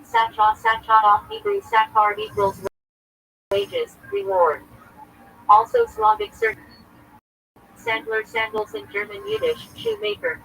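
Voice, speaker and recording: A man's voice: very high voice, lively intonation, slow, vocal fry, pauses often, sharp tone, low-quality recording. A man, a rabbi, reading from a list on a livestream in short clipped fragments. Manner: clipped fragments, terse and listing.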